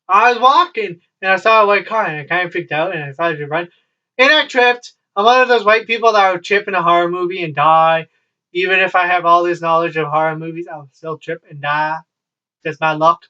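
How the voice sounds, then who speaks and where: Young adult man, high bright voice, rambling swearing storyteller, dull lo-fi sound from a distance. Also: moderate pace, clean tone. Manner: rambling, swears freely, wry asides. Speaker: vlogger. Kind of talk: casual storytelling. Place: at home, child nearby.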